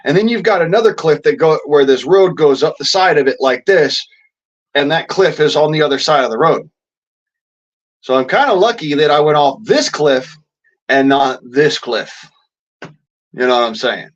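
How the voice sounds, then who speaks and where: A man's voice: a little high, moderate pace, lo-fi sound. A man ranting in a vlog, swearing constantly in a blunt, rambling way with folksy slang. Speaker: vlogger.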